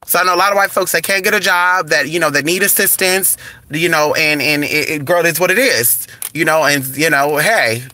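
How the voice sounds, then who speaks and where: A man's voice: on the high side, dry recording. A man hosting a casual livestream, talking in a sassy, campy way and reading his chat. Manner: sassy, campy, drawn-out and expressive. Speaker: channel host reading live chat.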